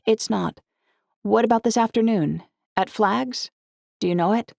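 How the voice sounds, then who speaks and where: A woman voicing a teenage girl with a rough, raspy voice, earnest and anxious. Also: medium pitch, unhurried, darkish tone, dry recording, pitched above the performer's own voice. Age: teens. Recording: dry close audiobook recording.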